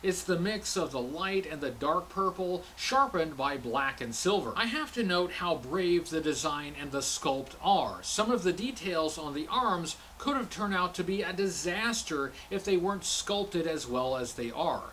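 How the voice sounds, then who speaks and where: A man hosting a toy review show, reading a measured, deliberate scripted narration. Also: a little high, animated, a bit bright, slight background noise.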